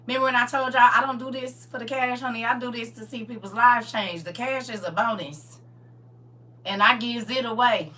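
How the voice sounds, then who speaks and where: A woman pastor talking casually on a live stream about faith, swinging from loud exclamations to hushed asides. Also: a little high, fairly even intonation, fairly quick, distant mic.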